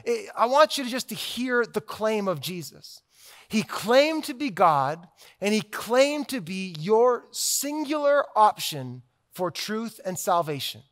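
A man delivering a sermon in a high voice. He talks with emphatic force and builds his points through repeated, stacked phrases. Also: sing-song, slow, fairly bright tone. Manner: emphatic, with repetitive rhetorical build-ups. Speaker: preacher.

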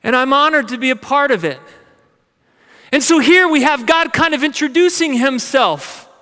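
A man preaching to a congregation, his voice pitched unusually high and bright. He stammers over repeated starts as he tells his stories, sounding jet lagged and emotional. His words ring out with a long hall reverb. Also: expressive, normal speed. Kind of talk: sermon.

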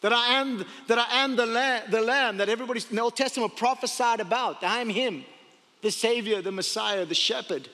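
A man preaching a sermon, impassioned, dropping to hushed tones for scripture. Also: very high voice, a little fast. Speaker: pastor. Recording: reverberant hall with faint music.

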